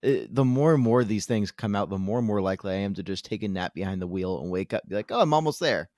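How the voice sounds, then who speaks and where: A man's voice: low voice, fairly even intonation, fast, dark tone, no room sound. A man co-hosting a podcast, chatting casually with dry, joking asides. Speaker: podcast co-host. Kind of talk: casual chat.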